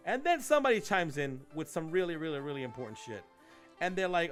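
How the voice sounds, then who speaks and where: A man hosting a casual live-streamed podcast, telling a story in an animated, rambling way and swearing freely. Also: on the high side, fast, soft background music. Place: home streaming setup. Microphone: desk mic while streaming live.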